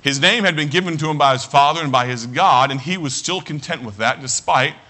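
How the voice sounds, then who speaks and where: A man preaching a sermon as pastor, earnest, often restarting his phrases and slowing down to read scripture. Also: fairly high pitch, bright, forceful tone.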